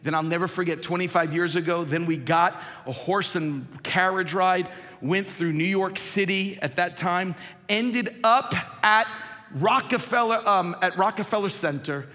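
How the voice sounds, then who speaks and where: A man in his fifties leads a sermon from the pulpit in a big reverberant hall. His voice sits high and bright, and he shifts between forceful, rising emphasis and soft, low storytelling. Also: measured pace. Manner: emphatic preaching, swinging from loud peaks to low quiet storytelling. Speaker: pastor.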